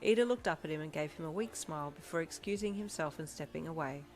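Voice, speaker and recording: A woman with a somewhat low voice reads a fan fiction story aloud, her delivery steady and measured. Soft music plays faintly underneath her. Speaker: fanfiction reader. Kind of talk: audiobook reading of second-person fan fiction.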